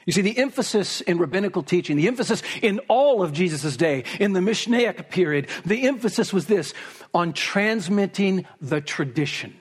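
Preacher, male, slightly high husky voice, emphatic expository delivery. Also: lively intonation, normal speed. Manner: emphatic, rising to forceful peaks on repeated phrases. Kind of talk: expository sermon.

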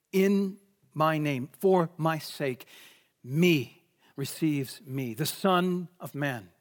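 A man preaching a sermon in an earnest way, slowing down and stretching key phrases for emphasis. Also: a little high.

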